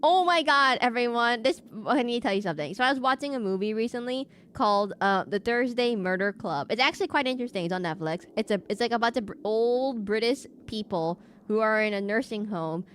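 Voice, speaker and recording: A woman's voice: mid-range voice, brisk, few pauses, slight background noise. A young woman streaming live, chatting casually and rambling with many restarts. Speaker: VTuber streamer.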